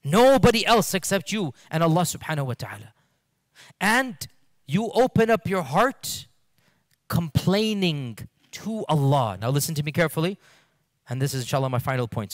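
A man's voice: a little high, sing-song, moderate pace, no room sound, studio quality. A man giving an impassioned religious lecture with emphatic rhetorical questions. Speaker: Islamic lecturer. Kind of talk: sermon-style lecture.

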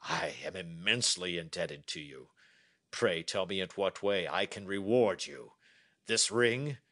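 Storybook king, proud and emotional, exclaiming loudly, read by a man. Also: deep voice, a little slow, no echo, studio quality. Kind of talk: storybook reading for learners.

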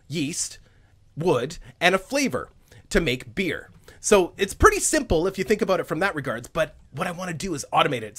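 Male gaming host, cheerful running commentary with a lively voice that swoops a lot. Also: a little high. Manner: chatty and upbeat, laughs often, thinks aloud while playing. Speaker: let's play host. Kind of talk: casual gameplay commentary.

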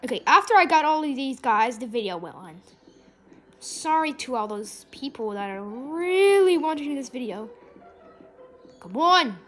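A young female gamer talks through her gameplay in a high, wildly swooping voice. She takes her time, then erupts into excited shrieks. Quiet game music plays faintly behind her. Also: a little slow. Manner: excitable, shrieks and exclaims often. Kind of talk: gameplay commentary.

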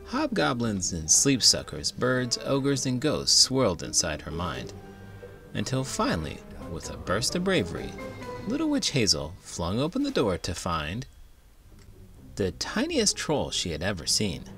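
Animated low-voiced read-aloud man. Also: measured pace, gravelly, faint music behind. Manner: animated, playful storytelling. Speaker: elementary school teacher reading aloud. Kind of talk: expressive children's book read-aloud.

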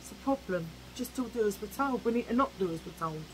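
A woman's voice: medium pitch, expressive, quick pace, slight background noise, rough recording. A woman ranting cheekily to camera in a casual vlog, chatty and opinionated. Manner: chatty, cheeky, ranting, mimics old-fashioned voices. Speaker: vlogger.

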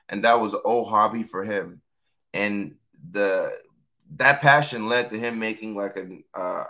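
A man hosting a casual live-stream talk, a little hoarse, chatting and reading out viewer comments. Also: on the low side, bright, forceful tone. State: hoarse from yelling. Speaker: host.

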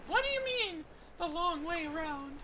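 A man putting on a high, fretful young boatwoman's voice, nervous and whiny, quick to panic, from a video game. The tone is bright and piercing, and the lines rise and fall a lot. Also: very animated, slight background noise, heavily acted. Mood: anxious. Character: young woman boat captain's daughter, excitable.

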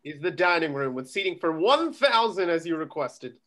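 A man playing a young, exceedingly polite chocolatier with a London accent. His voice is somewhat high, and his manner is dry and formal. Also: big pitch swings, normal speed, a bit bright. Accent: London English. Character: young male chocolatier, overly polite gentleman. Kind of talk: comedic table read.

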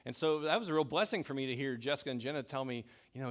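A middle-aged man preaches a sermon in a church. His voice sits at an ordinary mid pitch, and he speaks in a relaxed, conversational way. He jokes at his own expense and often repeats words as he restarts his sentences. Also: very fast. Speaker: pastor. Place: church sanctuary.

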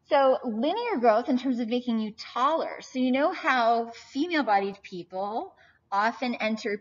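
A woman in her forties giving a recorded anatomy lecture, chatty and often checking in with "right?". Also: on the high side. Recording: slightly dull, lo-fi audio.

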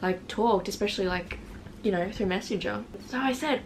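Talking to her camera at a moderate pace, this teenage vlogger, in her late teens, has a medium-pitched voice over faint hiss or hum. Her storytime is casual, self-deprecating and packed with "like," and she performs old messages in silly voices.

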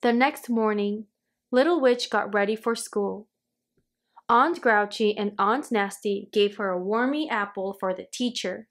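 A woman reading a children's storybook aloud, in a clear storytelling manner. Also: mid-range voice, unhurried. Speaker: storybook reader.

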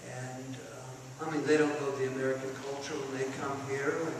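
A middle-aged man giving an animated storytelling talk at a conference, sometimes shouting out parts of his stories. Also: medium pitch, moderate pace, noisy background. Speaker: conference speaker. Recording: echoey hall from far off.

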